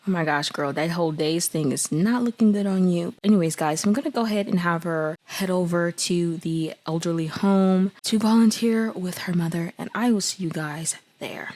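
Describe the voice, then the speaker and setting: A young woman hosts a let's play, giving casual, chatty commentary over a life-sim game, laughing and apologizing often and sometimes doing voices for her characters. Her voice is lowish and a little mellow, at normal speed with hardly any pauses.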